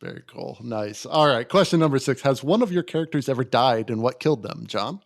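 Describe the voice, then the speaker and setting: A man's voice: medium pitch, expressive, fairly quick, gravelly. A man hosting a podcast, reading out questions and chiming in with short replies. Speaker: podcast host. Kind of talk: casual chat.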